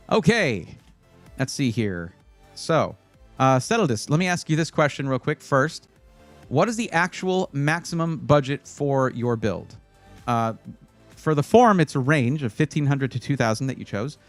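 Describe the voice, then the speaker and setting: A man in the middle of his pitch range, talking over a close, dry mic while soft music plays faintly under him. He chats with his stream's viewers in a loose, rambling way, restarting phrases and joking with the chat as he gives buying advice. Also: dry recording. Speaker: livestream host giving PC buying advice. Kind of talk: casual livestream chat reading viewer comments.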